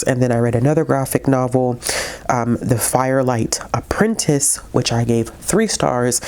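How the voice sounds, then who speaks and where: A woman's voice: extremely low pitch, a little mellow. A woman vlogger talking through her monthly book reviews in a casual, heartfelt way, tearful and full of fillers and restarts.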